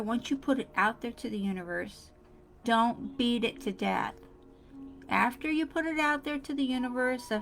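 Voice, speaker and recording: Upbeat woman giving motivational advice. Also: a little high. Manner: upbeat and emphatic, acts out quoted affirmations. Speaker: self-help speaker. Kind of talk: motivational talk to camera.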